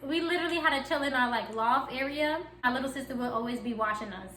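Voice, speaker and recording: A young woman with a slightly high, bright voice tells a candid story in a chatty, giggly way. She sounds like a vlogger talking casually at home, and the room gives her voice a noticeable echo. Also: quick pace, a little hiss or hum. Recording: echoey room.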